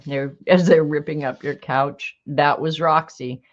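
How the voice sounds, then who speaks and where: A woman's voice: low voice, fairly even intonation, unhurried, highs cut off. A woman hosting a live stream in casual chat, talking freely and laughing often. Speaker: livestream host.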